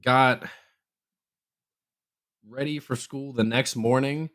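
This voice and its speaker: Here a young man tells a story slowly on a podcast he co-hosts, keeping his delivery relaxed and everyday. Quoted people get acted out with lively jumps upward in pitch, after which he drops back to normal.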